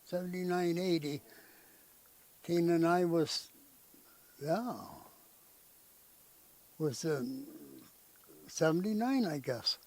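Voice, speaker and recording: A man's voice: fairly high pitch, slow, pauses often, rough recording. An older man, telling family stories in a rambling, folksy way and often tagging his sentences with "eh?". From Canada. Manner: rambling, folksy storytelling with frequent "eh?" tag questions. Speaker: interviewee. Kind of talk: storytelling in conversation.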